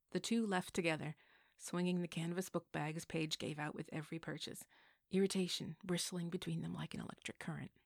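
A woman narrating a contemporary novel aloud in an even storytelling manner. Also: deep voice, gravelly, no room sound, studio quality. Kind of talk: audiobook narration.

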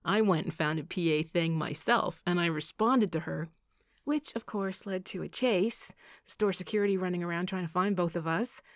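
A woman's voice: lowish voice, moderate pace, no echo, clean studio sound, natural voice. A woman reading the part of a playful, teasing young man in an audiobook, speaking grandly and boisterously.

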